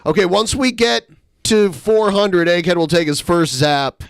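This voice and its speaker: Deep-ish guy cohosting, laid back, voice jumps around a lot, dry close mic. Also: expressive, unhurried, clear, resonant tone, no room sound. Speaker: podcast co-host. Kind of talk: casual chat.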